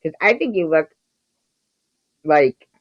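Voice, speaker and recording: A woman's voice: deep voice, lively intonation, slow pace, no echo, lo-fi sound. A woman co-hosting a podcast, chatting casually and teasing, often trailing off mid-sentence. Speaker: podcast co-host. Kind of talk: casual chat.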